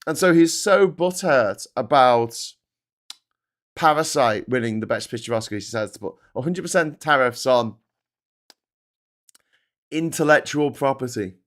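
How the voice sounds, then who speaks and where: A man's voice: medium pitch, expressive, measured pace, long pauses, a bit bright. A British man hosting a show, ranting with sarcastic, sweary commentary and laughing between jabs. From Britain. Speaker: host.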